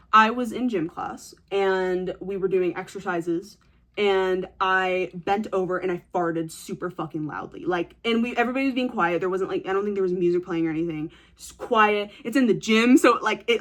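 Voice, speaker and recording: A woman's voice: medium pitch, normal speed, fairly bright tone. A young woman vlogging casual advice to camera, blunt and teasing, swearing freely and retelling stories with dramatic flair.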